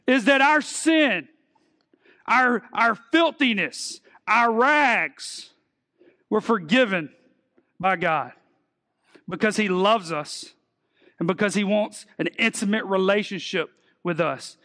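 A man's voice: sits high, lively intonation, slow pace, long pauses, bright, forceful tone. Earnest man preaching in a hall. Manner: earnest, repeats words while building a point. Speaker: pastor. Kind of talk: sermon.

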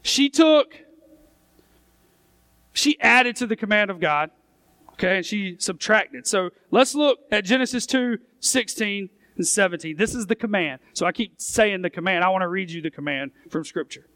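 Pastor, male, very high voice, smooth tone, emphatic sermon delivery, dry close sound. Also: animated, moderate pace, pushed and bright, no room sound. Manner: emphatic preaching, reads scripture aloud, voices the questioning crowd.

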